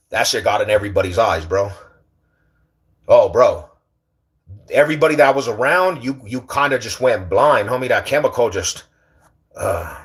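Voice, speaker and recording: A man chats casually on his livestream. He talks in loose slang, animated and teasing as he banters with the people watching. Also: mid-range voice, moderate pace. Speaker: livestream host.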